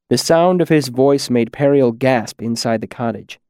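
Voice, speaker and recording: A man reading a fairy tale aloud with measured, steady storytelling. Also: mid-range voice, smooth, no room sound, studio quality. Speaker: narrator. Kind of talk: storybook narration.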